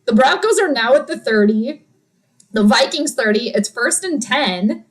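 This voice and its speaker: A woman's voice: on the high side, expressive, unhurried, poor audio. A woman hosting a casual live stream, calling a football game with playful, chatty commentary and reading her viewers' messages aloud.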